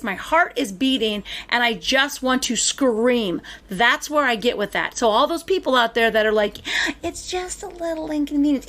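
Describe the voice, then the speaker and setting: A woman hosting a podcast, telling stories in casual chat with animated emphasis. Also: a little high. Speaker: podcast host.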